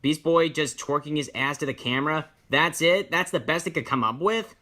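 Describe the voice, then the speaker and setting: A man's voice: a little high, normal speed, bright, forceful tone, a little hiss or hum. A teenage boy complaining incredulously while reviewing a cartoon. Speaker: online critic. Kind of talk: comedic review rant.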